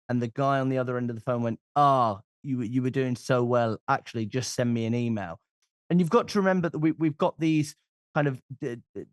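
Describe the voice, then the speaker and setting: A man of middle pitch answers a podcast question with an anecdote, stumbling now and then on his words. The sound is dry and close. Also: darkish tone, dry recording. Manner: storytelling with stammered restarts. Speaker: sales consultant guest.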